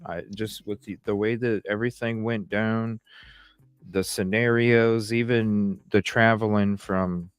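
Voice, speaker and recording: A man's voice: on the low side, steady tone, unhurried, clear, resonant tone, dry recording, soft background music. A man hosting a podcast, talking in an easygoing, rambling way in casual discussion. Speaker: podcast host.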